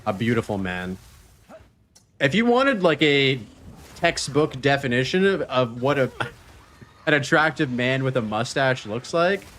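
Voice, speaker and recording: A man's voice: medium pitch, very animated, unhurried, long pauses, a bit bright, slight background noise. A man streaming a video game, chatting casually, joking and laughing often as he reads chat messages aloud.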